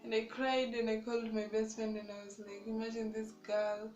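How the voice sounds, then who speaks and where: A woman's voice: on the high side, fairly even intonation, fairly quick, muffled recording. A young woman tells a storytime to her camera. She chats loosely, full of "like" and "you guys". Her dorm room is echoey, and music plays in the background. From Kenya. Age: young adult. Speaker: student vlogger. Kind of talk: casual storytime vlog.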